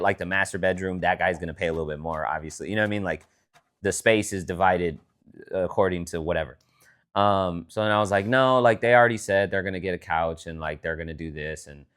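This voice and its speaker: A man's voice: low-pitched, fairly bright tone. A young man co-hosting a podcast, telling a long rambling story in casual chat, full of "like" and "you know what I mean.". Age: young adult. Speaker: podcast co-host.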